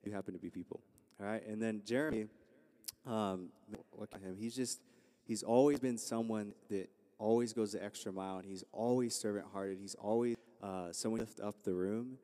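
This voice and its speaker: A man's voice: lowish voice, fairly even intonation, moderate pace, mellow. A young man introducing speakers at a campus ministry service, telling stories casually with lots of fillers. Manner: rambling, storytelling, many fillers. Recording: long hall reverb.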